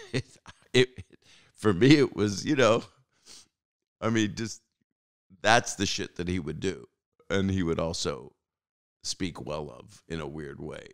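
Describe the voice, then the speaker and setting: A man in his sixties with a very low, gravelly voice tells casual stories on his podcast. He rambles, stops and restarts, then springs into acted-out lines from other people, and his delivery rises and falls in bursts. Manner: rambling, halting, with many fillers and restarts. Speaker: podcast host. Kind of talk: casual storytelling.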